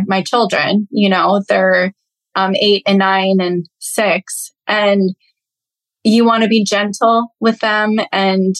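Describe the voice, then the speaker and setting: A woman's voice: mid-range voice, poor audio. A woman in her thirties, a health coach speaking as a podcast guest in an earnest, reflective way. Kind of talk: casual interview chat.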